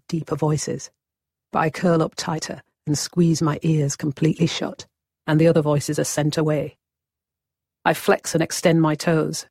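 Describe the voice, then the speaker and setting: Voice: medium pitch, darkish tone, slightly rough, dry recording, studio quality. A narrator, reading a vivid, wry first-person story as scripted narration.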